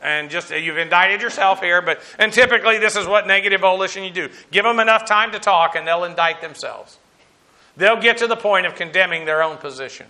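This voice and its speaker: A man's voice: high-pitched, a little fast, bright, forceful tone. A man teaching verse by verse through a Bible passage, working through numbered points in a discursive, emphatic way, with frequent fillers and restarts.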